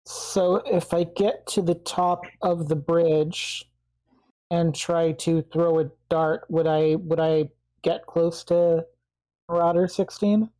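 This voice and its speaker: A woman's voice: on the low side, fairly even intonation, takes it slowly, warm tone, rough recording. A woman playing a tabletop game, asking unsure questions about the rules. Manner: unsure, asks many questions. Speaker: player.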